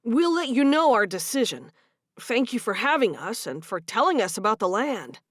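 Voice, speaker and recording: A woman's voice: fairly high pitch, very animated, moderate pace, dry recording, studio quality. A woman voicing a good-natured young Amish husband, in her own voice. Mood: warm.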